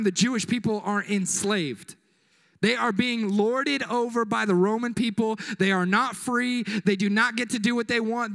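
A man's voice: sits high, vocal fry, fairly bright tone. A young man preaching a casual, joking sermon as youth pastor, full of slang and asides. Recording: echoey hall.

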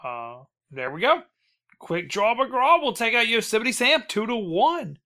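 A man's voice: extremely high pitch, big pitch swings, unhurried, pushed and bright. A man hosting a casual podcast chat, rambling with lots of ums, laughing and swearing as he runs a bracket vote.

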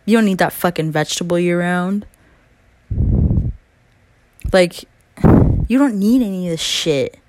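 A woman's voice: lowish voice, unhurried, long pauses, a little mellow, slight background noise. A young woman in a late-night rant, angry and profane, with heavy emphasis on her words. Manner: mocking whiny voice when imitating others. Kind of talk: late-night ranting monologue.

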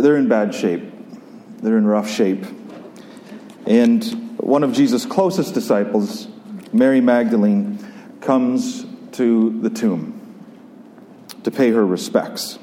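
A man preaching a sermon and reading scripture, reflective and conversational, pausing and repeating himself as he thinks aloud. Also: medium pitch, mellow, slight background noise. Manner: reflective, conversational, with pauses and repetitions. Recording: long hall reverb.

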